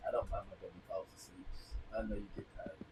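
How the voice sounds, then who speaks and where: A gaming streamer chats with his partner and viewers as he plays, rambling in a casual, drawling way and laughing between stories. His voice is low and steady, his pace quick, and there's background noise.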